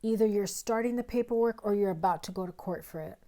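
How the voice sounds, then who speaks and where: A woman giving a tarot reading to camera, earnest and direct, her voice strained and rough from illness, sometimes dropping into low mutters. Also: fast talker, warm tone. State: recovering voice, coughing. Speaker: tarot reader.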